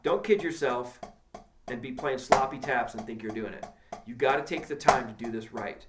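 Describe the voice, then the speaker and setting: A man's voice: medium pitch, normal speed, roomy sound, very noisy. A man teaching a drumming lesson in a direct, encouraging way, counting strokes aloud as he plays. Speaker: drum teacher. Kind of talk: instructional video lesson.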